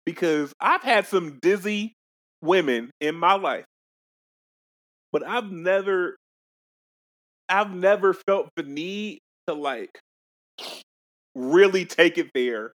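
A young man co-hosting a casual chat, animated and profane, laughing often. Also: high-pitched, slow, pauses often. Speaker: podcast co-host.

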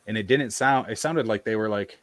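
A man telling a personal story in casual conversation, halting and full of fillers and restarts, on a video call. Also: on the low side, no echo. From American South, Appalachia. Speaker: podcast guest.

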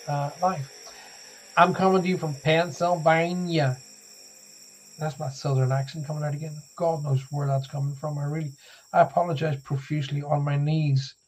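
A man's voice: fairly high pitch, darkish tone, slight background noise, poor audio. Chatty British man hosting a late-night radio show. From United Kingdom. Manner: chatty, self-deprecating, rambling with many fillers. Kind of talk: live radio talk show, spiritual chat.

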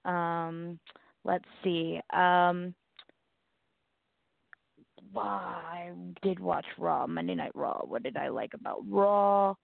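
This co-host is a woman from the Southern United States whose Southern American accent comes through a tinny, dry, phone-like line with no echo. Low-leaning and gravelly, her voice moves slowly with fairly even intonation and frequent pauses as she chats casually, blunt, rambling and self-mocking.

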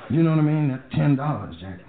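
Profane high-voiced stand-up comedian. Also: male voice, quick pace. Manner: loose, profane, animated storytelling with acted-out voices. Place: comedy club stage. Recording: echoey club over a tinny phone line with loud crowd. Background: audience laughter and room noise.

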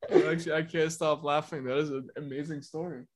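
A man's voice: on the high side, fairly even intonation, fairly quick, a crowd in the background. A man co-hosting a podcast, rambling with many fillers and laughing easily. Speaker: podcast co-host. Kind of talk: casual chat.

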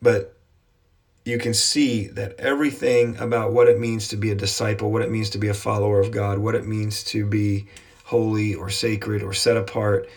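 A Bible teacher leads a devotional lesson in a low, somewhat husky voice. He's earnest and repetitive with a fairly flat delivery, deliberately slowing down whenever he quotes scripture.

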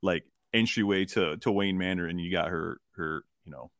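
A man co-hosting a casual film discussion podcast, rambling and animated, acting out lines from scenes. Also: deep voice, normal speed, no echo, studio quality. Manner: rambling, animated, acts out character lines in funny voices. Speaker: podcast co-host.

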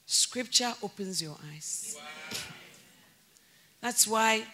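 A woman pastor preaching a sermon, animated and often laughing, shouting for emphasis and then dropping to low, earnest tones. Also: drawn-out words, slight background noise.

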